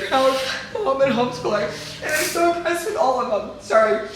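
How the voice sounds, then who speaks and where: A woman's voice: high-pitched, expressive, a little fast, a little hiss or hum. A woman hosting a family vlog as a homeschooling mom, grading her kids, emotional and laughing, teary. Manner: gushing, emotional, laughing often. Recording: echoey room with music behind.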